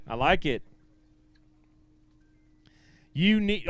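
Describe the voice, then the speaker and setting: A man's voice: sits high, lively intonation, fairly quick, vocal fry, hardly any pauses, no room sound. A man emceeing a fishing tournament weigh-in on an outdoor stage, upbeat and encouraging as he bantes with the anglers. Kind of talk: live weigh-in announcing.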